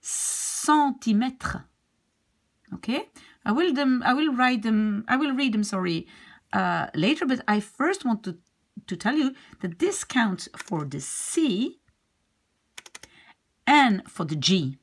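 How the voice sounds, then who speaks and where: A woman teaches beginners how letters are pronounced, repeating each sound and example word patiently. Her low, husky voice has a gravelly edge. She talks slowly, and her pitch rises and falls a lot. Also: big pitch swings. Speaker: French teacher. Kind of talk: beginner pronunciation lesson.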